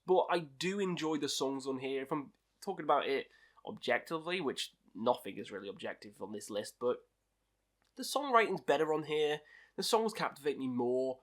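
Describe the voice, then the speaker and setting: A man's voice: medium pitch, a bit bright. A man hosting a casual album ranking review, chatty and opinionated, with lots of ums and likes. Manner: chatty and opinionated, with many fillers. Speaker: music reviewer host.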